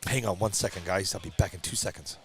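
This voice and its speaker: A man hosting a live stream who calls the races in a chatty, easygoing way and shouts with excitement at a surprise win. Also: low voice, fast. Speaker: race announcer and livestream host. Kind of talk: casual live race commentary. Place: at a drag racing event.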